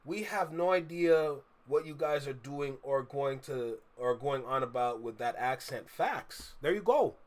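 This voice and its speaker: A man's voice: mid-range voice, a little slow, hardly any pauses. A man with a Toronto accent, hosting a reaction video and giving emphatic, opinionated commentary that repeats its points. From Canada. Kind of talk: casual commentary over a clip.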